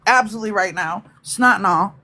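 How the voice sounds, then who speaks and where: A woman's voice: mid-range voice, brisk, sharp tone, a little hiss or hum. A woman hosting a casual live stream, reacting to news with blunt, profane asides to her viewers.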